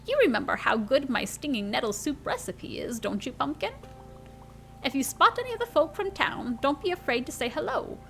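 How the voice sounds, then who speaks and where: Lady putting on a sweet old granny voice, high and lilting, a bit gravelly. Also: animated, normal speed, faint music behind. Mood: doting. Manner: doting, sing-song, lilting. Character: warm, fussing old grandmother.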